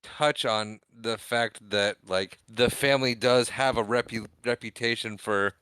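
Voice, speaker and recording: A man's voice: medium pitch, fairly even intonation, measured pace, a bit bright, clear, resonant tone, dry recording. A man co-hosting a podcast, adding short comments and agreement in a casual movie discussion. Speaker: podcast co-host.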